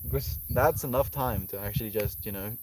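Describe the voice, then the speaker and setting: A man's voice: lowish voice, brisk, recorded from a distance. A man chatting casually on a livestream, playfully teasing his pet outdoors. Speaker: live streamer. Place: outdoors on grass at night. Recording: loud outdoor cricket noise. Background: crickets.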